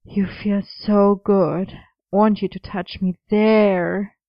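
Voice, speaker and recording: Reader putting on a cheeky young guy, sing-song and smug, smooth clean sound, kinda dull tone. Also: medium pitch, animated, a little slow, no echo, pitched above the performer's own voice, lightly acted. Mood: playful teasing. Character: playful teasing young man, a lover. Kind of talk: audiobook reading of a romance story.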